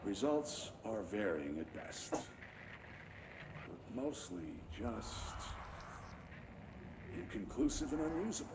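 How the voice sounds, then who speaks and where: A man voicing a federal agent in a video game, reading out a measured, procedural surveillance log. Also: lowish voice, big pitch swings, very noisy. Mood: weary. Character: male federal agent logging a stakeout.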